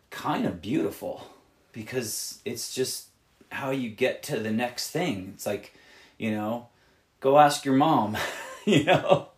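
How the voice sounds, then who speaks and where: A man's voice: fairly low pitch, reverberant. A man who plays in a rock band, giving other bands blunt, rambling advice full of swearing. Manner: profane, emphatic and rambling. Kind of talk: candid advice monologue.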